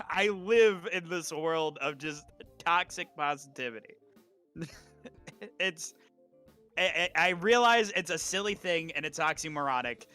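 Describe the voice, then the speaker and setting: A man co-hosting a casual podcast, giving an emphatic, profane pep talk. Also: a little high. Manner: emphatic, swears freely, animated pep talk. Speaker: podcast co-host.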